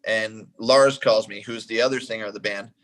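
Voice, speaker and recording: Male interview guest, a drummer; animated, casual storyteller who acts out each exchange. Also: fairly low pitch, normal speed, low-quality recording.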